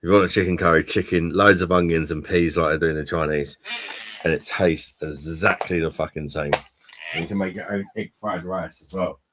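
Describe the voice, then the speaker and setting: A man's voice: sits low, steady tone, fairly quick, heavy background noise. A man hosting a casual online pub chat, rambling and swearing cheerfully about food. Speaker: livestream pub chat host. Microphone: streaming call mic.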